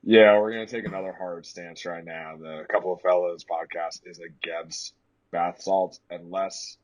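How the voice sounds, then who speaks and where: A young man in his twenties hosting a podcast, telling stories in casual chat. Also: moderate pace. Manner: animated storyteller, leaps way up in pitch for quoted shrieks. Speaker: podcast host.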